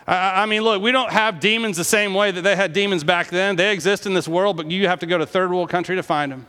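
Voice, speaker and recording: A high, bright male voice preaching passionately in a sermon, moving between hushed, low passages and raised, emphatic ones. He sounds like he is in a church sanctuary, with a long reverb of a large hall behind him. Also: quick pace, smooth. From United States. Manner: impassioned preaching, dropping to hushed tones and rising in quoted lines. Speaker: pastor.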